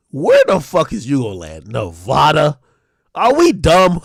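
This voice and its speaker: A man hosting a livestream, delivering a loud, profane comedic rant with shouted bursts. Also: sits high, dry recording, clean studio sound. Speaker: streamer and show host.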